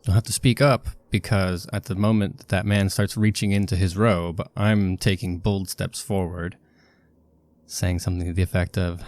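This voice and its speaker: A man's voice: low voice, little pitch movement, moderate pace, darkish tone. A man playing in a tabletop game, describing his character's actions in a wry, playful way. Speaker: player.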